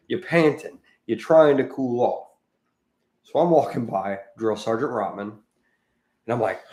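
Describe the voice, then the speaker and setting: A chatty man co-hosting a podcast and telling his stories with lively energy. His voice sits on the low side, and the room around him rings with a noticeable echo. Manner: talkative, animated anecdote teller. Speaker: podcast co-host. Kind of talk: casual storytelling chat. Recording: roomy echoey room.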